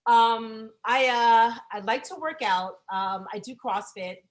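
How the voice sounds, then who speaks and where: A woman in her forties doing a profane, chatty stand-up set that bursts into loud exasperated rants. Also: on the high side, slow. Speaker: stand-up comedian.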